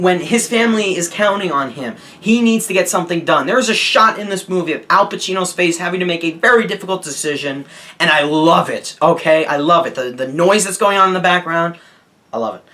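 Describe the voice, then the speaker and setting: Young male reviewer, fairly high and bright-voiced, emphatic, talks straight to viewers. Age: young adult. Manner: gushing, emphatic, asks "okay?" and says "guys" often. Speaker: movie reviewer. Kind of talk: casual video review.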